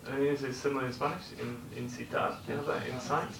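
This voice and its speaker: A man's voice: medium pitch, steady tone, fast talker, vocal fry, noisy background. A man teaching a vocabulary lesson in a classroom, explaining words and often checking in with the class through tag questions. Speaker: English teacher. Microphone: recorder at a distance. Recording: echoey room recording from far off.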